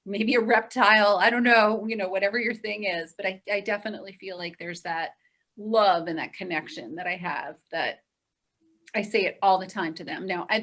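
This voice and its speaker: Cheerful woman panelist, bright voice, laughs between phrases. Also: mid-range voice. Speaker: show panelist. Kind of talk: casual group chat.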